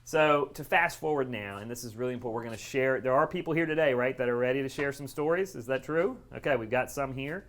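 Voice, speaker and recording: Brief: middle-aged male speaker, animated storyteller, mid-pitched voice, addresses a room. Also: quick pace, hardly any pauses. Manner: lively storyteller, voices quotes with big pitch jumps. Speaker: speaker at a care event. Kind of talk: storytelling talk to a live audience. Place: event room near train tracks.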